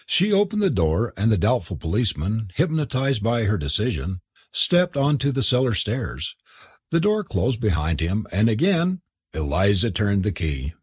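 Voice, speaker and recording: A man narrating a novel aloud in an expressive, theatrical reading. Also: lowish voice, moderate pace, dry recording, studio quality. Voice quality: husky. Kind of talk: audiobook narration.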